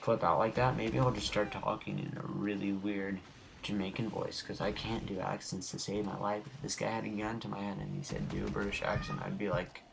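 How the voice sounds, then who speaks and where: Speaking a little fast in a gravelly, lowish voice with a level tone, a young gaming-channel host offers loose, silly commentary on his gameplay footage and gets distracted often. Faint background noise runs under the home recording.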